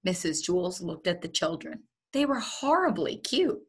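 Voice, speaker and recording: A woman teacher reading a children's storybook aloud to her students, in a lively, expressive way. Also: on the low side, moderate pace, husky.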